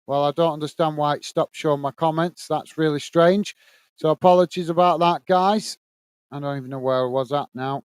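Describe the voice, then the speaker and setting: A British man runs a football watchalong stream in loose, rambling chat and reads viewer comments aloud. His voice sits fairly high and sounds smooth and clear. The sound is dry and close. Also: fairly even intonation, moderate pace, no room sound. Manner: rambling, exasperated muttering about tech trouble.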